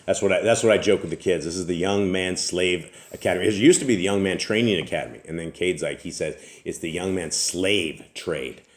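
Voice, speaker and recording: A man's voice: deep voice, fast, hardly any pauses. A man hosting a family scripture channel, joking casually and then preaching emphatically. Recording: echoey room.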